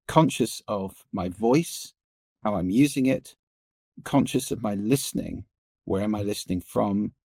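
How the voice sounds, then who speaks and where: A middle-aged man, a podcast guest, explaining listening and voice in an animated, expressive way that shifts pace and pitch for emphasis. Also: vocal fry, husky, no room sound. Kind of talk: interview conversation.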